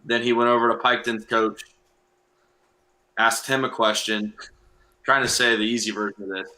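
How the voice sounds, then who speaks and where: Relaxed young football coach, low bright voice. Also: male voice, moderate pace, rough recording. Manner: relaxed, explains step by step with fillers. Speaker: high school football coach. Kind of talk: casual podcast interview.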